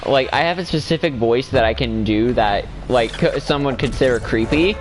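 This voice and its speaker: A man's voice: mid-range voice, normal speed, noisy background. A man in casual chat with a friend while playing a game, rambling and correcting himself as he talks. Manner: rambling, self-correcting, laughs often. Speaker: gamer chatting with a friend.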